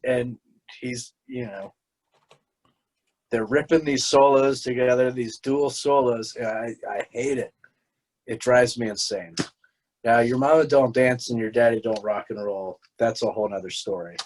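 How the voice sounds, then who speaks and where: A man's voice: mid-range voice, fairly even intonation, unhurried, darkish tone, poor audio. A young man co-hosting a casual podcast, rambling and swearing a lot, often restarting his sentences. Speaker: podcast co-host. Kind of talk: casual chat.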